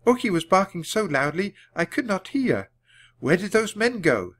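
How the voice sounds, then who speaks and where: Storybook queen, high and gentle, formal, as a male reader puts her on. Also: sing-song, moderate pace, heavily acted. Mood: worried. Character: gentle anxious noble queen.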